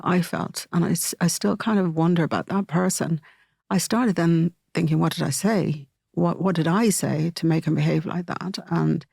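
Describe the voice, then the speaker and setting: A middle-aged woman, an interview guest telling a personal story in a halting way, with many fillers and restarts. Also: low-pitched, vocal fry, dark tone, no echo, studio quality.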